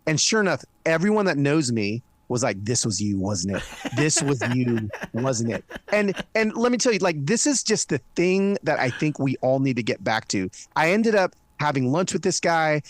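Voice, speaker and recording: A man as an interview guest, talking in a casual, earnest and animated way with frequent restarts. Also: a little high, moderate pace, hardly any pauses, dry recording. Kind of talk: casual conversational storytelling. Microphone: studio mic.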